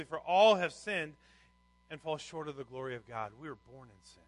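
A man's voice: on the high side, lively intonation, brisk, dry recording, rough recording. A middle-aged man preaching a sermon as a pastor, reading scripture and telling anecdotes with rising emphasis.

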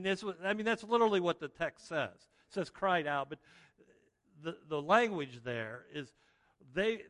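A man preaches in a somewhat high voice, telling the story with animation and acting out each scene. His words ring out with the long reverb of a large church hall. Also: a bit bright. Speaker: pastor. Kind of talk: sermon. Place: church sanctuary.

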